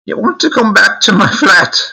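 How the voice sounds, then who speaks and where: Dude faking a high squeaky british accent, flirty cheeky lad. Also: male voice, big pitch swings, normal speed, creaky, bright, forceful tone, husky, exaggerated voice, poor audio. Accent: put-on British. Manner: exaggerated, sing-song.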